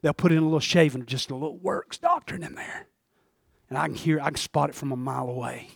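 A man preaching a sermon, calling for amens and swinging between shouts and hushed asides. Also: fairly high pitch, quick pace, vocal fry, no room sound, clean studio sound. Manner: calls for amens from the congregation. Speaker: pastor.

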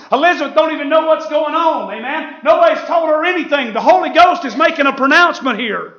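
Fiery high-voiced preacher man. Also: a little fast, hardly any pauses, lo-fi sound. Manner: fiery, preaching with shouted peaks and laughs. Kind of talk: sermon.

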